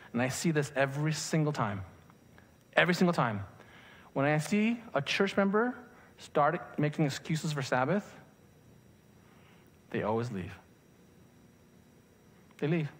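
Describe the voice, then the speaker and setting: A middle-aged man, a pastor, preaching a sermon with lively rhetorical questions to his congregation. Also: on the high side. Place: church sanctuary.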